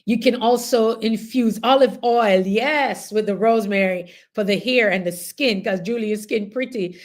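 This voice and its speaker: Speaking at a moderate pace in a mid-range voice, this middle-aged woman with a Jamaican accent is the host of a relaxed group conversation. Her storytelling is lively and talkative, broken up by laughs.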